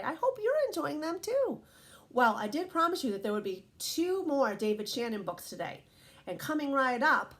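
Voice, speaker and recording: Animated woman teacher reading to kids. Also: on the high side. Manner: gentle, encouraging, asks children questions. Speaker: teacher reading picture books to children. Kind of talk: storybook read-aloud lesson.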